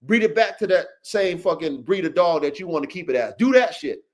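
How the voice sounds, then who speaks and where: A man's voice: on the high side, expressive, fairly quick. A man hosting a livestream podcast, talking in a profane, boastful, emphatic way and calling out listeners by name. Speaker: podcast host and dog breeder. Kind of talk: casual livestream podcast rant.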